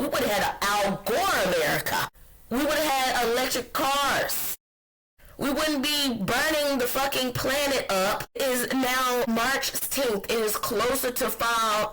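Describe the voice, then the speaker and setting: A podcast host talking alone in a rambling, blunt and profane way, getting heated and often trailing off to think out loud. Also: mid-range voice, poor audio. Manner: heated, ranting. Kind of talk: casual solo podcast monologue.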